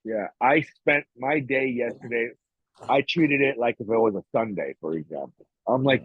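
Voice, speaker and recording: A man's voice: mid-range voice, normal speed, husky, dry recording. A man talking casually on a podcast, blunt and profane, often emotional and restarting his sentences. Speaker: podcast co-host. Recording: dry, tinny phone-like sound.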